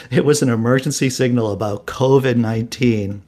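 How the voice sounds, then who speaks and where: A man's voice: mid-range voice, steady tone, moderate pace, a little mellow. A man co-hosting a casual live-stream chat, telling rambling stories with frequent restarts. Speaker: co-host.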